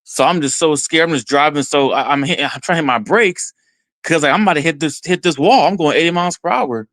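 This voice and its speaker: A man from Texas tells a story as a podcast guest in an excited first-person way, voicing his own reactions as he goes. His voice sits a little high, and the sound is close and dry with no room echo. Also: quick pace. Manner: excited, retells events with quoted self-talk.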